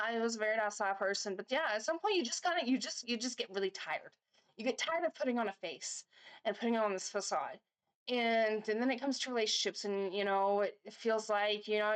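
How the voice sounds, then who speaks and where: Chatty woman rambling through a story. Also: medium pitch. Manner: rambling storyteller, chatty with frequent fillers and restarts. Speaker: reaction vlogger. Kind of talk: casual chat.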